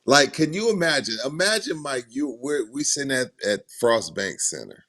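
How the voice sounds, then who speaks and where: A man's voice: medium pitch, very animated, normal speed, fairly bright tone. A man co-hosting a casual sports podcast from a studio, arguing his points emphatically and telling stories to make them. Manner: emphatic, argumentative storyteller. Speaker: podcast co-host.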